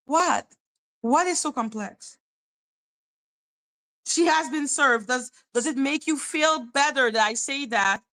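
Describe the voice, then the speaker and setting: A woman's voice: high voice, animated, slow, pauses often, a bit bright. A woman hosting a casual live-stream commentary, blunt and irritated, sounding condescending, swearing and repeating herself.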